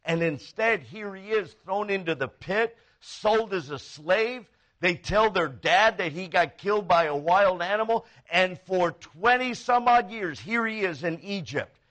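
A man preaching a sermon as a pastor, telling stories with animated, acted-out quoted voices. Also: sits high, a little slow, few pauses.

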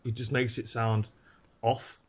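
A man's voice: medium pitch, flat delivery, a little slow, slight background noise. A man from England, a guest on a podcast, explaining music in an eager, rambling way. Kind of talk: casual chat.

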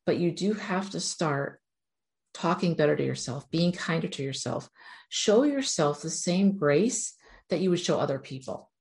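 A woman with a low, deep-set voice speaks straight to her viewers in an earnest, encouraging motivational talk. She addresses them directly and keeps urging them on. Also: animated, moderate pace, creaky, darkish tone. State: near tears at moments. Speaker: self-help speaker.

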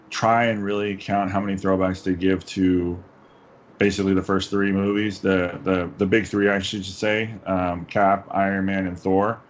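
A man, a podcast guest, chatting casually in an earnest, halting way. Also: low-pitched, dull audio, a little hiss or hum. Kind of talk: casual chat.

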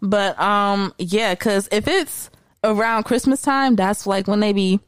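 A woman hosting a casual podcast chat, laid-back and quick to murmur agreement. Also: medium pitch, smooth, no echo. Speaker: podcast host.

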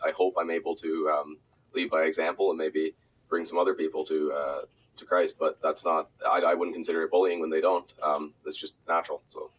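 A man's voice: rumbling low, level tone, fairly quick, a little hiss or hum, poor audio. A young man, a student, answering interview questions hesitantly with many ums.

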